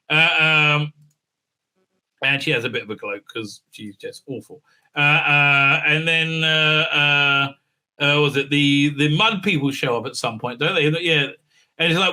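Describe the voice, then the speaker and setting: A man's voice: a little high, normal speed, pushed and bright. A man giving a casual, sarcastic recap and review in a rambling way, with many filler sounds. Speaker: video reviewer.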